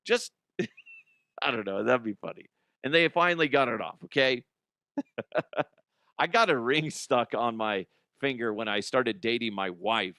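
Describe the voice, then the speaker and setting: A man's voice: mid-range voice, expressive, measured pace, long pauses, bright, forceful tone, dry recording, studio quality. A middle-aged man hosting a comedic news show, rambling, laughing often and making crude jokes. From Colorado, US. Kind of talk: casual comedic news commentary. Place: studio.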